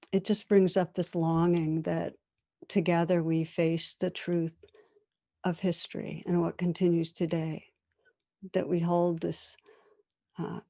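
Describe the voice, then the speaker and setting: Soft-spoken woman with a mellow, low voice. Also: vocal fry. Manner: calm, measured, gentle storytelling. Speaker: meditation teacher. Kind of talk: dharma talk with story reading.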